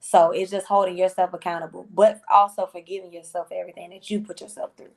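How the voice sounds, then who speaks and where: A woman's voice: fairly low pitch, little pitch movement, quick pace, vocal fry. A woman musician as a podcast guest, talking casually and earnestly, repeating phrases and using slang. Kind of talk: casual interview talk.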